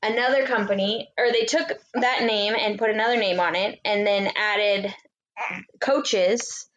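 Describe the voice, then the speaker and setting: A woman co-hosting a podcast, explaining things in casual chat with many ums and pauses. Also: mid-range voice, steady tone, fairly bright tone, dull audio. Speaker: podcast co-host.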